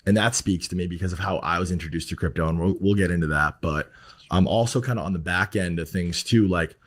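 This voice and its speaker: Low-voiced, reassuring male podcast host. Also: fast talker. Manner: reassuring, joking, loose. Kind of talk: casual podcast talk.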